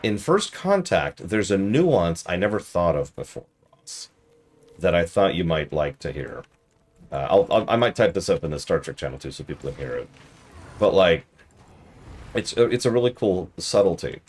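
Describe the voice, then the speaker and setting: Deep husky dude on a live stream, gets fed up and rants at the game, voice swings all over. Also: male voice, very animated, moderate pace, a little mellow. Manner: exasperated, ranting at the game, talks to chat. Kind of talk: casual live-stream commentary.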